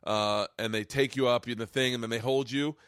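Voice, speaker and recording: A man hosting a podcast, telling a story with excitement, swearing often and acting out the people in it. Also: medium pitch, brisk, clean tone, dry recording, studio quality. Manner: excitable, swears a lot, acts out voices in stories. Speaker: podcast host. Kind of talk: casual chat, animated storytelling. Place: home man cave studio.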